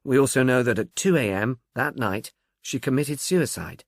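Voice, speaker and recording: A man's voice: mid-range voice, expressive, moderate pace, dry recording, studio quality, lightly acted. A man voicing a friendly, confiding middle-aged police inspector who speaks easily and plainly.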